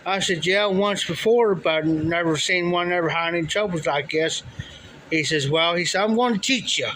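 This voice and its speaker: A man's voice: on the high side, fairly even intonation, moderate pace, fairly bright tone, a little hiss or hum, rough recording. Rambling man telling a farm story. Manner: rambling, repeats "he says" and "I said" often. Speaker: livestream storyteller. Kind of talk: casual spoken anecdote.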